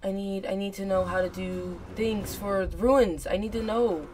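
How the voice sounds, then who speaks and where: A woman streaming a video game live, reacting excitedly and repeating phrases rapidly as she plays. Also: medium pitch, a little hiss or hum. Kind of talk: live gameplay commentary. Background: game music.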